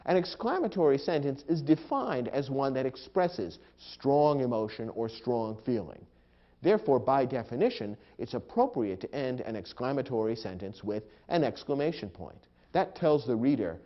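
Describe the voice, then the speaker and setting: A male instructor walks through a grammar lesson in a measured, explanatory way. His pitch swings widely as he reads out example sentences with emphasis. The recording sounds dull and lo-fi. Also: big pitch swings. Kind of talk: scripted educational narration.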